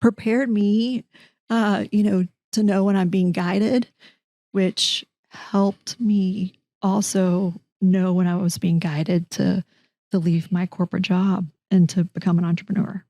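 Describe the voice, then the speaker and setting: A middle-aged woman, a guest telling a personal story in an interview, animated and voicing the people in her story. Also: mid-range voice, takes it slowly, no echo. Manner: animated, acts out quoted dialogue, frequent restarts. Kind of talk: conversational storytelling.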